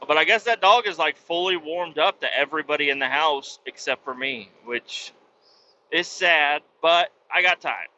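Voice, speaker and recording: A podcast host tells profane, blunt stories in a loose, rambling monologue from his truck. His slightly high voice is bright and forceful at a moderate pace, and the lo-fi audio has a little hiss or hum.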